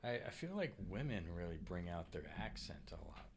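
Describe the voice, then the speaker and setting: A man with a somewhat low voice hosts a relaxed panel chat. He stops and restarts often, filling gaps with uhs. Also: background noise. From United States. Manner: halting, many uhs and restarts. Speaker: podcast host.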